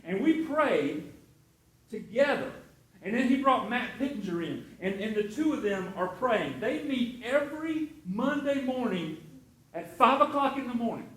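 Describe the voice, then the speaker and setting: A man's voice: extremely high pitch, big pitch swings, unhurried, a bit bright, roomy sound, poor audio. A middle-aged man preaching a sermon, telling stories in a conversational way, full of restarts and asides. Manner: storytelling, conversational with many restarts. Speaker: pastor.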